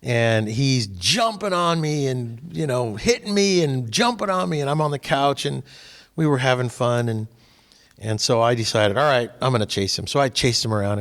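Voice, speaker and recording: Older man telling lively stories. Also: medium pitch, normal speed. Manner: animated storyteller, voice rising as he tells stories. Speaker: host. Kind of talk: casual chat.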